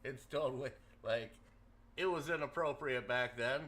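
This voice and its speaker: A man's voice: medium pitch, normal speed, crowd noise. A man in casual voice chat with fellow racers, joking and laughing often.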